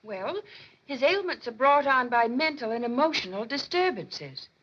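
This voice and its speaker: A protective middle-aged mother pleads gently on her son's behalf. Her voice is breathy and lively in pitch. The dull old soundtrack is lo-fi. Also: normal speed, heavily acted. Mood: pleading. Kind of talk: 1950s film comedy acting. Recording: lo-fi 1950s film soundtrack.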